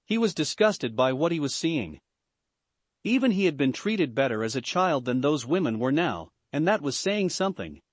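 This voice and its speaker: A man reading a fan fiction story aloud as scripted narration, even and unhurried. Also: a little high, no echo.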